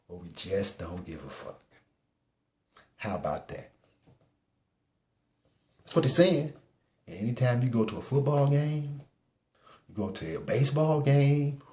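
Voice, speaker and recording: A man's voice: mid-range voice, mellow, echoey room. A man giving a heated, profane opinion rant, blunt and argumentative, firing off rhetorical questions. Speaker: vlogger ranting to camera.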